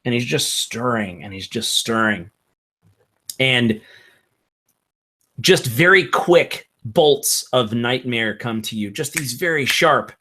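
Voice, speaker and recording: Slow-speaking male game master. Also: mid-range voice, expressive, sharp tone. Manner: slow, halting narration with fillers. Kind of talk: narrating a tabletop game.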